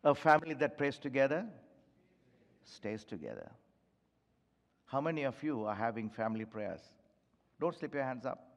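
A man's voice: medium pitch, big pitch swings, normal speed, creaky, long pauses. A man preaching a sermon as pastor to his church, pleading with the congregation and repeating phrases for emphasis. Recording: long reverb of a large hall.

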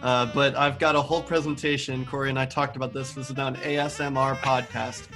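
A man's voice: mid-range voice, level tone, quick pace, a bit bright, faint music behind. A man chatting as a podcast guest, playful and self-deprecating. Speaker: guest saxophonist. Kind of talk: casual chat.

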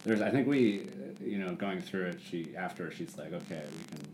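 A man's voice: low voice, animated, moderate pace, background noise. A young man hosting a chat show, asking hesitant questions with restarts and plenty of yeahs. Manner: hesitant questions, lots of yeahs, repeats words. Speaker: host. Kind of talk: casual interview chat.

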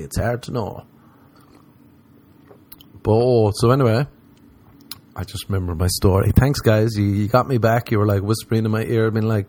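An Irish man doing stand-up comedy, rambling through profane stories and mocking people in put-on high voices. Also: steady tone, moderate pace, pauses often, darkish tone. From Ireland.

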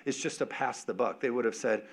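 A man preaching a sermon as pastor, emphatic and animated, calling out to the congregation with casual, joking asides. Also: medium pitch, fairly quick, gravelly, husky.

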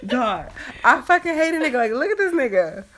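A woman co-hosting a podcast in casual chat, blunt and profane, ranting fast. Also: sits high, sing-song, fairly bright tone, a little hiss or hum. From Puerto Rican side. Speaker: podcast co-host.

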